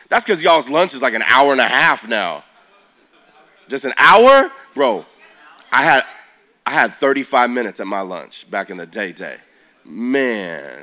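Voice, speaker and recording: A man in his forties preaching to young people, telling a story in a loose, slangy way and asking them questions. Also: medium pitch. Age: 40s. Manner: animated, slangy, asks the audience questions. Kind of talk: youth sermon storytelling.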